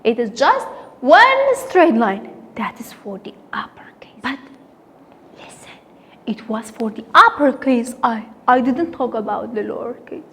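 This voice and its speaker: A woman with a Kurdish accent teaching young children an English letter in an online lesson, in a playful, sing-song way with drawn-out repeats. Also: fairly high pitch, big pitch swings, a bit bright, long reverb tail. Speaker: kindergarten teacher.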